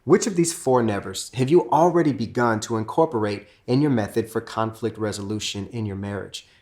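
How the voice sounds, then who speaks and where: A man's voice: fairly quick, a little mellow. A middle-aged man and pastor teaching on marriage alongside his wife, earnest and given to acting out remembered arguments. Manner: earnest, acts out quoted arguments with rising pitch.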